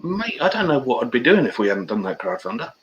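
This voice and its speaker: A man's voice: mid-range voice, big pitch swings, quick pace, lo-fi sound. A man, a guest telling stories in casual, matey banter on a video-call interview. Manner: chatty storyteller, matey banter.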